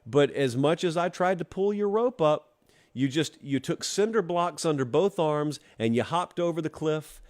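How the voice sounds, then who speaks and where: A man's voice: fairly high pitch, expressive, moderate pace, a little mellow. A man from Georgia hosting a college football talk show, giving opinionated commentary with a wry, teasing, emphatic manner as he speaks straight to the fans. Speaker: show host.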